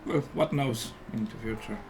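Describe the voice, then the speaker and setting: A man's voice: lowish voice, moderate pace, gravelly, a little mellow, slight background noise. A man with an Estonian accent chatting casually while playing a game on a livestream, rambling and enthusiastic. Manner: rambling and enthusiastic, many fillers. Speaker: game developer and guest player.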